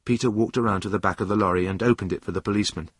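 A man narrating a storybook in a clear, expressive way. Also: lowish voice, very fast, dry recording, studio quality.

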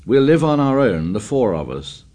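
A man voicing an anxious, stubborn schoolboy who speaks in a shrill, insistent, pleading way. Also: very animated, moderate pace, warm tone. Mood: anxious coaxing.

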